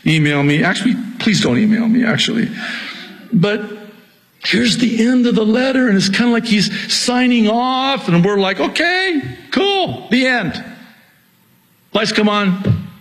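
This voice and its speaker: A man's voice: high-pitched, moderate pace, rough recording. A middle-aged male pastor preaching a sermon, exhorting and repeating his key points, with jokes at his own expense.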